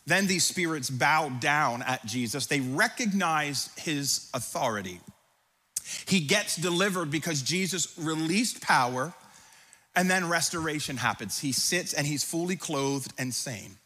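A man's voice: on the high side, lively intonation, a little slow, pushed and bright. Man preaching, dramatic scripture reading. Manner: reads scripture aloud with dramatic emphasis; conversational asides between readings. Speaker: pastor. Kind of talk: sermon. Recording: long hall reverb.

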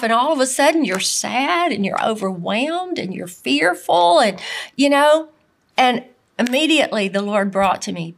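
A middle-aged woman preaching a sermon at a slow, deliberate pace. Her voice sits a little high. She speaks earnestly and with emphasis, circling back to repeat key phrases. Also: a bit bright.

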